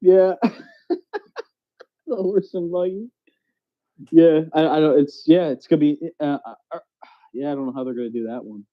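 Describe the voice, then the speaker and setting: A man's voice: fairly high pitch, fairly even intonation, a little fast. A man co-hosting a podcast in casual chat, rambling loosely and often asking "you know what I mean". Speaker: podcast co-host. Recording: dull lo-fi audio.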